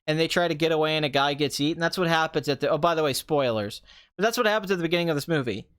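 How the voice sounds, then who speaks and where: Young man, sarcastic, ranting, mocking asides, somewhat high voice, casual review talk. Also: rapid-fire, fairly bright tone, clean tone. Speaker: movie review podcast host.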